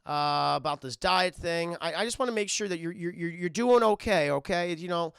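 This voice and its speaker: A nervous middle-aged father who stammers and stalls over every sentence, as a man acts him out. His voice is gravelly and bright, recorded dry and close. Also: sits high, no echo. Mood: worried. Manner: stammering, halting, full of ums. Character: worried, fumbling middle-aged dad.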